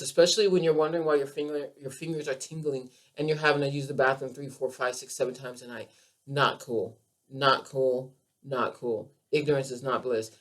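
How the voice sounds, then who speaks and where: A woman hosting her own podcast as a keto coach, giving a passionate health monologue in an emphatic, animated way and repeating phrases for emphasis. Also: low voice.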